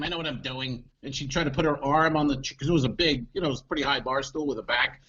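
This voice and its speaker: A man co-hosting a comedy podcast, telling an animated story and acting out the voices of the people in it. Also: mid-range voice, fast, few pauses, husky, muffled recording. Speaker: podcast co-host.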